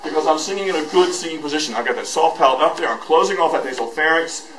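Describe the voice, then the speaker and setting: A man's voice: fairly high pitch, fast, a bit bright, faint music behind. A man leading a voice master class, joking with students and demonstrating with his voice. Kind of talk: teaching a class. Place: school hall. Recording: echoey hall, recorded from far off.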